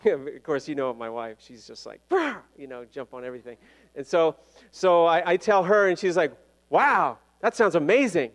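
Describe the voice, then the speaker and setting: A man's voice: mid-range voice, smooth. A man pastor giving a sermon in a chatty, self-deprecating storytelling way, often laughing at himself, in a church sanctuary. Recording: long reverb of a church sanctuary.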